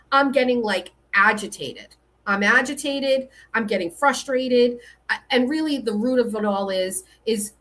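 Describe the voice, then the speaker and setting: A middle-aged woman hosting her own show, telling a story in a casual monologue and acting out both sides of a frustrating phone call. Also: on the high side. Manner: animated, reenacts phone calls, rising frustration. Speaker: show host.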